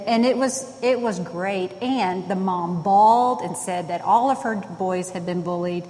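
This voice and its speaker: A woman's voice: fairly low pitch, a little mellow, long reverb tail, slight background noise, poor audio. A woman casually telling a story about her son, earnest and plain-spoken.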